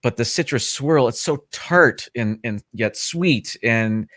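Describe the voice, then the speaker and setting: A man's voice: medium pitch, lively intonation, slow pace, a bit bright, dry recording. Earnest man on a dry mic. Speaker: guest. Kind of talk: casual video chat.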